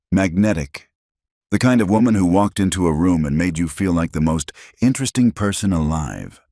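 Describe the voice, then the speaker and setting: A middle-aged man narrates a first-person story slowly and deliberately, leaving dramatic pauses. His voice sits extremely low. The recording is close and dry. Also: a little mellow, no echo.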